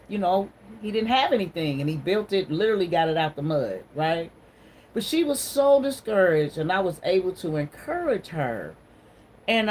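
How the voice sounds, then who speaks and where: A woman's voice: medium pitch, darkish tone, slight background noise, low-quality recording. A woman hosting a casual livestream on her phone, greeting viewers and talking in an encouraging, sermon-like way. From Ohio. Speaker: livestream host.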